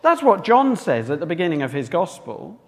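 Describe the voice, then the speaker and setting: A man's voice: on the high side, very animated, moderate pace. A man preaching a sermon with emphasis, often asking his listeners rhetorical questions. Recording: long reverb of a hall.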